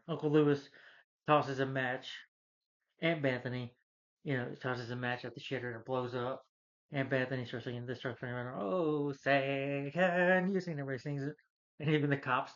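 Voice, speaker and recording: A man's voice: medium pitch, fairly bright tone. Rambling young man recapping a movie. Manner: rambling, heavy on "you know" fillers, acts out quotes. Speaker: movie reviewer. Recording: slightly dull lo-fi recording.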